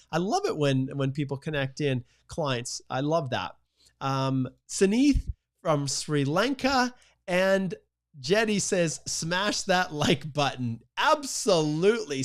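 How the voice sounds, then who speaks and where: A man around fifty, hosting a live-stream Q&A, greeting viewers in an upbeat, enthusiastic way. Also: a little high. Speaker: immigration live-stream host. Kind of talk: live-stream Q&A shout-outs.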